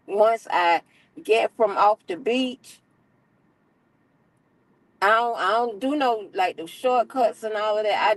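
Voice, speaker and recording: A middle-aged woman, telling a story as an animated, profane, exasperated rant on her stream. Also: medium pitch, dry recording, rough recording.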